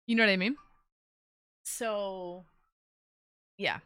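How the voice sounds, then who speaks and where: A woman's voice: medium pitch, fairly even intonation, moderate pace, long pauses, fairly bright tone, no echo, clean studio sound. A woman hosting a casual call-in live stream, rambling through a story and greeting chat as she goes. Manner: chatty, rambling, reads chat aloud.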